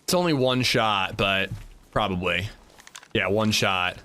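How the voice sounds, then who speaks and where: A man's voice: on the low side, measured pace, sharp tone. A man streaming a survival game, chatting casually and joking with his viewers. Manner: joking, chatty, talks to chat. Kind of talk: casual livestream commentary.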